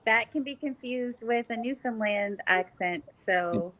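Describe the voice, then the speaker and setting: A woman's voice: a little high, a little slow, muffled recording, slight background noise. A woman from Montreal with a lisp, giving brief agreeable replies in a casual video chat. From Montreal, Canada.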